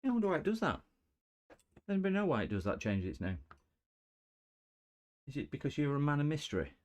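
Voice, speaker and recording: Very animated and fairly quick, a man with a fairly high, slightly mellow voice works on an electronics repair during a livestream. He's chatty and punny, joking around with his chat viewers as he goes.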